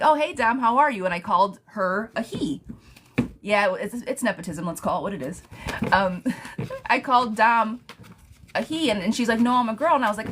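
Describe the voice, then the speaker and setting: A woman's voice: mid-range voice, a bit bright, a little hiss or hum. A woman reading tarot live for viewers, chatting casually and laughing often. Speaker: tarot reader.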